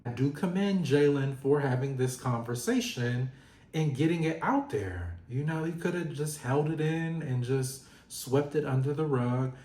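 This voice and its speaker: A man's voice: medium pitch, lively intonation, a little slow, dark tone. A man giving a chatty recap of a reality show, talking straight to the people on it as if they could hear him. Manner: chatty, talks straight to the show's cast. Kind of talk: casual recap commentary. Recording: roomy echo.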